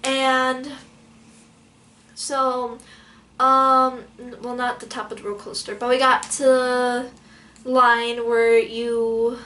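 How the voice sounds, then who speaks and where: A young woman vlogger telling a story in an animated way, full of fillers and dramatic quoted outbursts. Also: a little high, takes it slowly, pauses often. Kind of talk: storytelling vlog.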